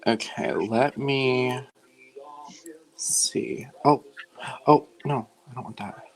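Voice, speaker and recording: A man co-hosting a casual live stream, tossing in quick, offhand quips. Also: mid-range voice, rough recording.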